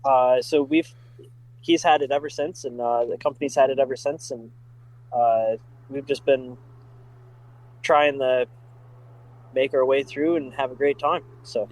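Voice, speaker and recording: A middle-aged man telling stories in a casual podcast chat, full of fillers and excitement. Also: medium pitch, a little slow, pauses often, poor audio. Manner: enthusiastic, many fillers like "like" and "uh". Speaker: podcast guest, driving school staff. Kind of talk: casual storytelling.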